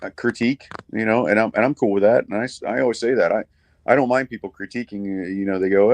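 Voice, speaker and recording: Middle-aged man, low dry voice. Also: fast, no echo. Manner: rambling, frequent restarts, casual swearing. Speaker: guest musician. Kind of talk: casual chat. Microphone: video call.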